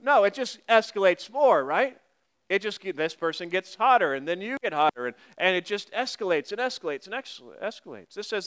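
A man delivering a sermon in a smooth, clear voice that sits a little high for a man. He talks to his listeners conversationally, slows down to read scripture aloud, and drops in wry asides. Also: expressive, a bit bright. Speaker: pastor.

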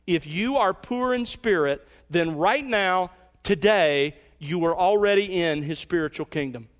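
A man preaching an expository sermon as pastor, emphatic and measured, slowing down to stress key words. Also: high voice.

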